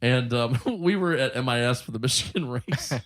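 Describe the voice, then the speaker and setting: This man hosts a podcast, talking at normal speed in a medium-pitched voice with a Northwest Ohio accent. In casual conversation he spins lively stories, frequently laughing and doing the voices of the characters.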